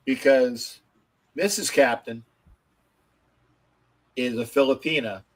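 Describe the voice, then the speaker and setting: A man's voice: mid-range voice, takes it slowly, low-quality recording. A man hosting a casual sports talk show, rambling with many fillers and swearing. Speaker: podcast host.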